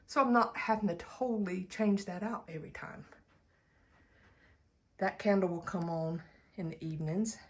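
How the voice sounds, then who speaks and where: A woman from the Southern United States, with a Southern accent, narrates a casual tour of her living room decor while filming it herself off-screen. She is chatty and folksy, laughs easily, and pauses often, speaking at medium pitch and normal speed.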